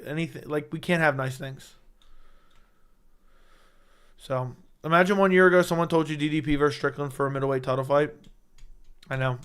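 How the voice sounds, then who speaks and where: A young man hosting a casual fight-talk livestream, excitable and rambling, swearing often, with a voice he says is going hoarse. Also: fairly high pitch. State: losing his voice. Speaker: MMA livestream host. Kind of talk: casual livestream chat reading chat.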